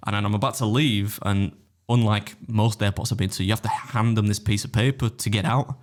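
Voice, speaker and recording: A man's voice: on the low side, steady tone, brisk. A man on a podcast, telling an anecdote in casual chat, acting out the dialogue, laughing often and swearing freely. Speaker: podcast guest.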